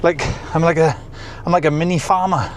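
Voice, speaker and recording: A man's voice: fairly high pitch, brisk. Chatty man vlogging outdoors in the wind. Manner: chatty and excitable, exclaiming at the weather. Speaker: overland travel vlogger. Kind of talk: casual travel vlog talk to camera. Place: outdoors on a windy coastal hill. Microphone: clip-on microphone. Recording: outdoor recording with clear wind noise.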